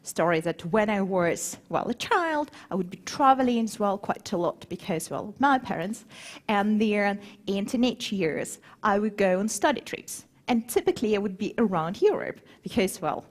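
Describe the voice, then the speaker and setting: Woman giving a talk in a planetarium, really animated voice that swings up and down, kinda husky. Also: medium pitch, normal speed. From grew up between Moscow and Warsaw. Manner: lively, animated, quizzes the audience. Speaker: conference speaker. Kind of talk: live talk to an audience.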